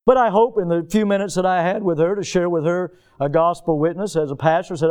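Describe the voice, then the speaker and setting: Southern man preaching, high clear voice, earnest with folksy asides, drops to a hush on key lines. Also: steady tone, fairly quick. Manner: earnest preaching, swinging between emphatic peaks and hushed low passages; folksy storytelling with chuckles. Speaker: pastor. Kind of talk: sermon.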